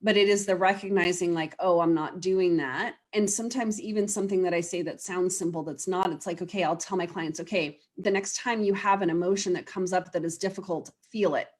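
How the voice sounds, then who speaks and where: Lower-voiced woman life coach, earnest. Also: fairly even intonation, a little fast, few pauses, darkish tone. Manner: earnest, explains with quoted client voices. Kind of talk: casual interview conversation.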